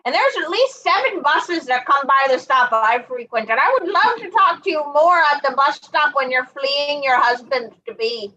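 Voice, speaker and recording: A rambling bus-station oddball, played by a woman in an online improv scene. Her voice is high and bright, the chatter deadpan and odd. The audio is dull and lo-fi. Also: normal speed, hardly any pauses. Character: eccentric woman who lives at the bus station.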